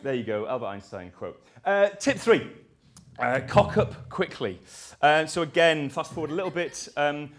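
A man's voice: fairly high pitch, expressive, moderate pace. A man giving a conference talk, rambling and self-deprecating, with jokey asides. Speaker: conference speaker.

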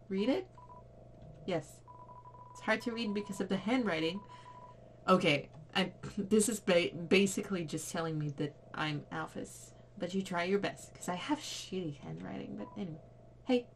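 A woman's voice: fairly low pitch, a little slow, pauses often, a little hiss or hum. A young woman casually commenting as she plays a game, giggling, easily spooked, and reading the on-screen text aloud. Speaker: let's play gamer.

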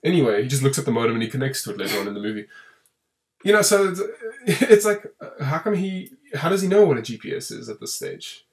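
A man, co-hosting a casual film review and talking in long, restarting runs that grow animated when he complains. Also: mid-range voice, fast. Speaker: podcast co-host reviewing a film.

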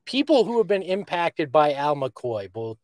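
Man, sports podcast co-host, joking, slightly high voice, dry close sound. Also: sing-song, measured pace, a little mellow, dry recording. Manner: jokey, does character voices. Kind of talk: casual sports chat.

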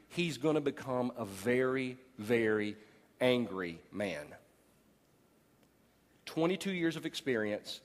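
A man in his forties preaching a sermon as pastor, animated and jokey, acting out people he talks about. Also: mid-range voice. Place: large church auditorium. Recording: long hall reverb.

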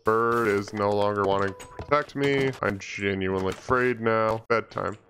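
A man's voice: lowish voice, normal speed, fairly bright tone, a little hiss or hum. A young man giving crude, panicky, mock-grandiose commentary over his gameplay. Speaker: gaming YouTuber.

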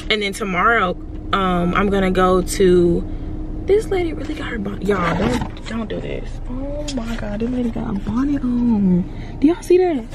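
A woman's voice: mid-range voice, moderate pace. Chatty woman vlogging in noisy stores. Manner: chatty and expressive, addresses viewers as y'all. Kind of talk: casual vlog talk to camera. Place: stores and a car. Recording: noisy background.

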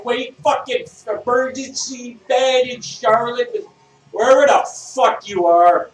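A man in a bar, ranting in a rambling, profane way and breaking into shouts at times. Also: very high-pitched, steady tone, slow. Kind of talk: rambling casual rant. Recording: echoey room, distant mic, faint music.

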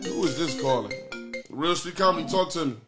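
Brash high-voiced man, sing-song teasing. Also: animated, a little fast, music in the background. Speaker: livestream comedy host taking calls. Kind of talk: crude call-in comedy livestream.

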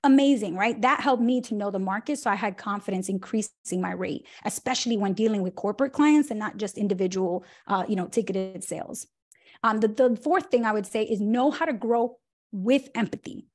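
A woman giving a lively talk on business and pricing, acting out the people in her stories. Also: mid-range voice, fairly quick. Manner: animated, acts out quoted dialogue. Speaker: story-sharer at a town hall.

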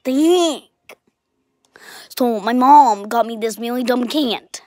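A woman playing a bratty, self-absorbed young vlogger who talks in a whiny, petulant, deliberately clueless way. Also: a little high, dark tone, dry recording. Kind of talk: comic character vlog.

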